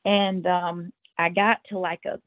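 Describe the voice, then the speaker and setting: A woman's voice: lowish voice, level tone, unhurried, no echo. A woman guest on a podcast, telling a story in the first person in an earnest, emotional way, with tumbling restarts. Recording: tinny phone-like line, dry.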